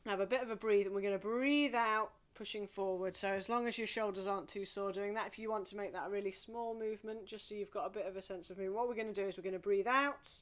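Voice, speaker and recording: A woman leading a singing group through a gentle warm-up, coaching softly and encouragingly. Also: medium pitch, fairly even intonation. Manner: soft, encouraging, slow coaching with playful vocal exercises.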